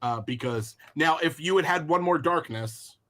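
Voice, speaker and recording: A man's voice: a little high, bright, forceful tone. A man running a tabletop game as game master, narrating with many restarts. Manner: halting, many restarts and fillers.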